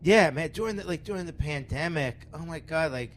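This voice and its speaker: A man's voice: fairly high pitch, animated, fairly quick, a little hiss or hum. A middle-aged man chatting casually on a podcast, rambling and self-mocking, telling stories with frequent laughs. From Philadelphia area. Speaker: guest comedian. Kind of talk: casual podcast chat, storytelling.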